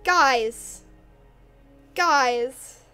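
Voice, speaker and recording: A young woman chatting casually with her live-stream chat, giggly and excitable. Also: high voice, extremely slow, clear, resonant tone, soft background music. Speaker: game streamer.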